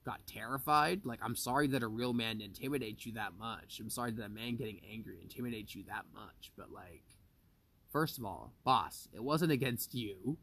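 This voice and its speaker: A man's voice: mid-range voice, lively intonation, moderate pace, a bit bright, husky. Profane young man ranting to his viewers. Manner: profane, rambling, heated storytelling. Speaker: vlogger. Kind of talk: casual rant to viewers. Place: at home.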